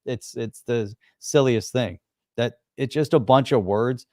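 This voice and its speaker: A man's voice: mid-range voice, a little slow, darkish tone, slight background noise. A man co-hosting a casual podcast, wry and laughing as he pokes fun at buzzwords. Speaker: podcast co-host. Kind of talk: casual chat.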